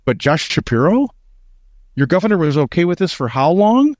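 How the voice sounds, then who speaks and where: A man's voice: fairly high pitch, big pitch swings, moderate pace, a little mellow, dry recording. Man, American, talk radio host, emphatic, indignant, dry close sound. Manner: emphatic, indignant, repeats words when heated. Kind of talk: political talk radio commentary.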